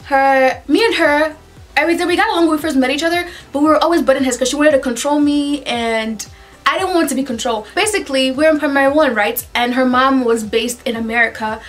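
Fast-talking, chatty young woman. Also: sits high, faint music behind. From Nigeria. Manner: fast, chatty, animated, jumps between asides. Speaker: YouTuber telling a story. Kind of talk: casual storytime vlog.

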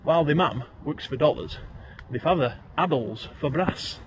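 A man's voice: a little high, lively intonation, normal speed, a little hiss or hum. A man with a broad Yorkshire accent reciting comic rhyming verse, addressing the listener as thee. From Yorkshire, England.

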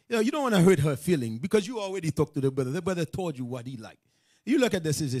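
Animated man preaching in street talk. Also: on the high side, rapid-fire, dry recording. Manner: animated, joking, scolding, with many asides to the audience. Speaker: teacher of a religious class.

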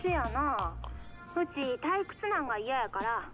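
A woman's voice: sits high, sing-song, a little fast, sharp tone, faint music behind, exaggerated voice. A woman playing a bored young college girl, speaking with a Kansai accent in a languid, drawling way. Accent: Kansai Japanese.

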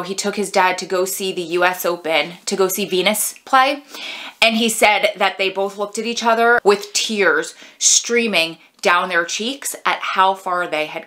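A woman giving a casual, heartfelt film review in a chatty, expressive way. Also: mid-range voice. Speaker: movie reviewer vlogger.

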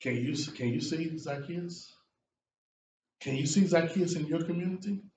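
A man preaching a sermon as a guest preacher, with lively delivery that rises to shouts and drops low for emphasis. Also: normal speed, slight background noise. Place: church sanctuary. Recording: echoey church room from far off.

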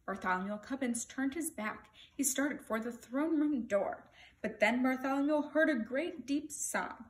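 A woman reads a picture book aloud for children. She is expressive and turns to her listeners with playful asides. Her voice sits slightly high. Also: a little slow. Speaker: storyteller reading to children.

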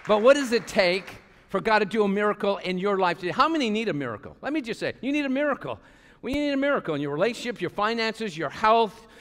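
Passionate high-voiced preacher in a reverberant hall. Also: male voice, very animated, fast talker, some chatter behind. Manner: passionate, rising to calls and dropping to quiet asides. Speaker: pastor. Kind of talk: sermon. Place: church sanctuary.

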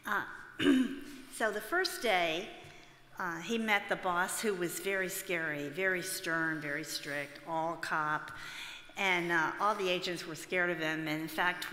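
A woman introduces a speaker and sets up his story at a church event, pausing often with fillers. Her voice is bright and forceful. It rings through an echoey hall with a long reverb and a faint hum of room ambience. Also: mid-range voice. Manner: halting, with many fillers. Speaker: event presenter. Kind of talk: introducing and narrating context.

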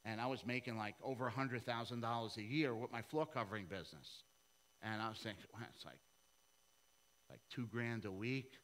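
A middle-aged man, preaching a sermon and telling a story, acting out the dialogue with lively voices. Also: mid-range voice, brisk, poor audio. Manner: animated storytelling, acts out dialogue in a raised voice. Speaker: pastor.

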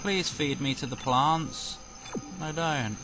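A man's voice: on the high side, takes it slowly, loud music behind the voice, rough recording. A British man giving casual let's-play commentary, joking, rambling and letting out sudden startled yelps. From Britain. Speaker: game commentator. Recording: loud game audio over the voice.

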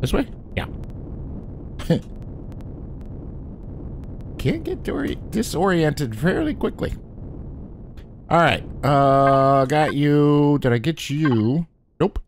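A man's voice: a little high, sing-song, takes it slowly, pauses often, slight background noise. A man hosting a gaming channel, chatting casually through his gameplay and politely addressing the enemies he fights.

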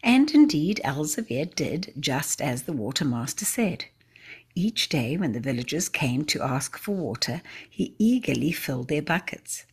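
A woman reading a story aloud at a church service in a measured, expressive way. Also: deep voice, husky.

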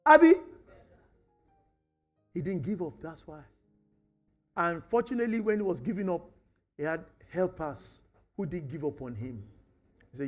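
A man with a Nigerian accent, a pastor preaching a sermon, animated, shifting from shouted asides with laughter to hushed prayer. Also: high voice, measured pace, pauses often, soft background music. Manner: laughing asides, Yoruba interjections. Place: church hall.

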